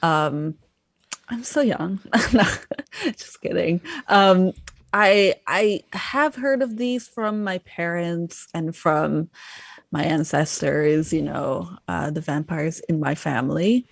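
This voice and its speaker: A woman's voice: fairly low pitch, takes it slowly, vocal fry, dry recording. A woman player speaking in character in a tabletop game, hesitant and playful.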